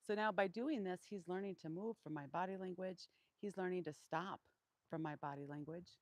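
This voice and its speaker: A woman training a wild donkey in an outdoor pen, speaking calmly and keeping her voice deliberately monotone as she explains each step. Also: no room sound, low-quality recording. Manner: calm, low-key, deliberately monotone. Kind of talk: live training demonstration.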